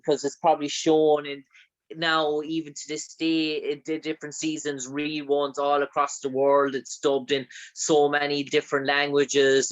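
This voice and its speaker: A man's voice: on the high side, lo-fi sound. A man hosting an interview, asking long, meandering questions full of fillers. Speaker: interview host.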